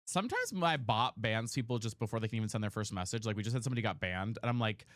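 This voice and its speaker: Sleepy guy streamer yapping to chat, super animated pitch, dry close mic. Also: quick pace, few pauses, no room sound. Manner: chatty, playful, gossipy. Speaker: livestream host. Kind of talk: casual chat with viewers while gaming. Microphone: boom mic on a mic arm.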